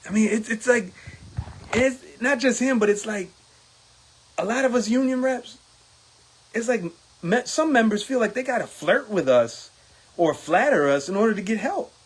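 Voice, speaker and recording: A man's voice: high voice, normal speed, long pauses, slightly rough. A middle-aged man, a union steward, speaking in a casual monologue and acting out quoted exchanges in a raised voice.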